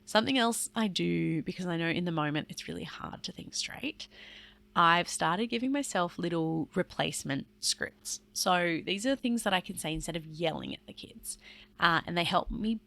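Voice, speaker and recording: A woman's voice: fairly low pitch, expressive, moderate pace, gravelly, fairly bright tone. A woman hosting a solo podcast, talking earnestly and explaining things in a chatty way with some fillers. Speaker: podcast host and parent.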